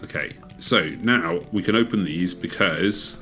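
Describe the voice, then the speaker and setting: A woman's voice: a bass voice, measured pace, fairly bright tone. A woman chatting casually and encouragingly while playing a co-op video game with a child, narrating what happens on screen. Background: game music.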